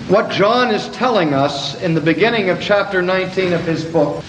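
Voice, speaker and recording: An older man preaching a sermon to a gathering, slow and deliberate with dramatic pauses. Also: sits high, expressive, background noise. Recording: echoey hall from a distance.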